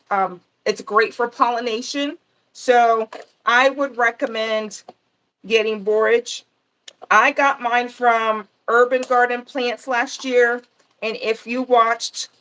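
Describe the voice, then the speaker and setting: A woman's voice: a little high, pushed and bright. A woman from Panama hosting a gardening channel, chatting casually on a livestream and answering viewer comments as she goes.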